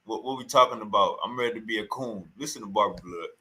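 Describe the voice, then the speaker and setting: A male streamer giving loud, teasing reaction commentary, repeating his taunts again and again. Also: fairly low pitch, fast talker, poor audio.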